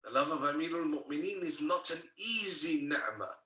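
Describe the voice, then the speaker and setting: A man preaching a sermon from a book-filled room at home, telling a story slowly and with feeling, and asking his listeners rhetorical questions. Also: on the high side, lively intonation, bright, forceful tone. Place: home room full of books. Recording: roomy, distant home recording.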